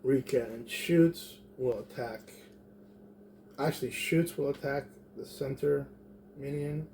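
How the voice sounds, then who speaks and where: A man's voice: mid-range voice, takes it slowly, creaky, a little mellow, a little hiss or hum. A man playing a tabletop game, thinking aloud as he plans his moves. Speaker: player.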